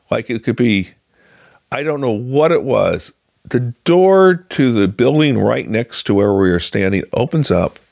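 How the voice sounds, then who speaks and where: Man, low gravelly voice, animated pitch, dry close recording, casual storyteller. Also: no echo. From Illinois, USA. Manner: conversational, halting with fillers and restarts, voices other people in quotes. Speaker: storyteller sharing a personal faith story.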